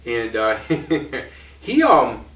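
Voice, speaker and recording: A man's voice: mid-range voice, wildly swooping pitch, extremely slow, fairly bright tone, echoey room, recorded from a distance, poor audio. A man in his thirties telling his own story in a casual, rambling way, full of restarts and short laughs. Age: 30s.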